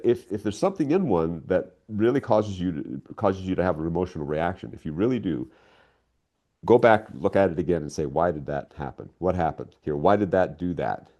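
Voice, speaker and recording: An older man speaking as a guest writer in a casual interview, telling stories with enthusiasm. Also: low voice. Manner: enthusiastic, animated storytelling.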